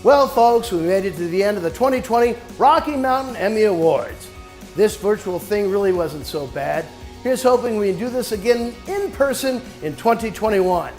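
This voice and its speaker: Lively high-voiced joking awards host. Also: male voice, moderate pace, faint music behind. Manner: dry self-mocking humor.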